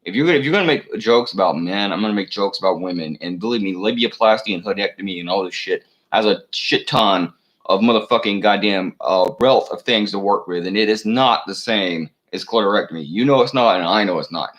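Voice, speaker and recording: A man with a deep, low voice rants on his own channel, cursing freely and circling back on himself. He stumbles through fillers and restarts as he talks. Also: a little fast, a bit bright, low-quality recording. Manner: profane, meandering, many fillers and restarts. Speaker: channel host. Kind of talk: rambling solo rant.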